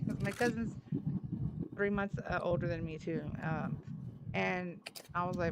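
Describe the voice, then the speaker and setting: A woman's voice: medium pitch, normal speed. A woman hosting a live chat, telling a long story full of fillers and acting out quoted dialogue. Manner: rambling, filler-heavy, acts out quoted dialogue. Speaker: live stream host. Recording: loud background noise.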